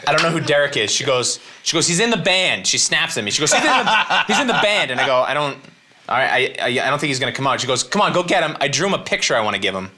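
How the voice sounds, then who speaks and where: A man with a very bright, forceful voice telling a comic story as an interview guest. He is animated and acts out the other people in the story, switching between their lines and his own narration. His pitch sits in the middle range for a man. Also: rapid-fire. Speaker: comedian guest.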